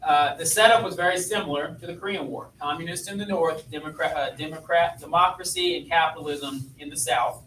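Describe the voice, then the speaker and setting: A man's voice: a little high, fairly even intonation, a little fast, few pauses, a bit bright, slight background noise. A man teaching a history class in a chatty lecture style, asking his students questions as he goes. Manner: conversational, asks students questions. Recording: echoey classroom, voice from far off.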